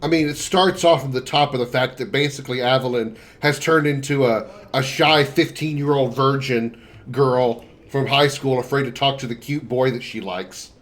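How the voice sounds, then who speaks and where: A man's voice: mid-range voice, normal speed. A male streamer chatting casually and laughing as he comments on a game he is playing, swearing now and then. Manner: chatty, giggly, profane.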